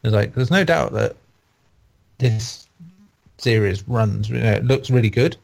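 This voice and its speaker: A man's voice: medium pitch, unhurried, creaky, a little mellow. A man reviewing games in a casual, rambling and opinionated chat. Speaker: game reviewer on a podcast.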